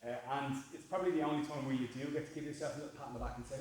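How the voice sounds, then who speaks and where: A man's voice: medium pitch, fairly even intonation, rapid-fire, darkish tone. Man in his forties, coach's rambling speech, jokey, very echoey gym, heard from a distance. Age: 40s. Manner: rambling, joking, full of fillers. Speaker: jiu-jitsu coach. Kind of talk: casual speech at a belt ceremony. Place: martial arts gym, large room.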